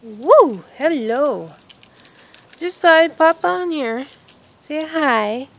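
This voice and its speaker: Rambling, excitable woman with a gravelly voice. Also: high voice, takes it slowly, poor audio. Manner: rambling, excitable, with exclamations and self-interruptions. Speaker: vlogger. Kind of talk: casual storytelling vlog. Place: outdoors in a yard.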